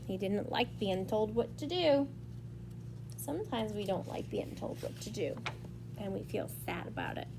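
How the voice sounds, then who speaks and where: A woman reading a picture book aloud to young children, explaining the story slowly in a sing-song manner. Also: medium pitch, expressive, creaky, background noise.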